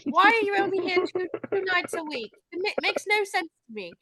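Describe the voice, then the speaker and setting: A woman's voice: very high-pitched, very animated, brisk, sharp tone, heavily acted. A woman voicing a pampered male Yorkshire terrier in a posh British accent, prim, demanding and overly polite. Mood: reproachful. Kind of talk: comedic impression in casual chat.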